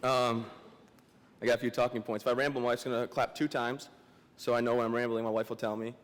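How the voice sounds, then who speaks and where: A young man giving a memorial speech as a guest speaker, joking and self-deprecating, halting and emotional, close to tears. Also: mid-range voice, flat delivery. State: emotional, teary. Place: large memorial hall. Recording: long hall reverb.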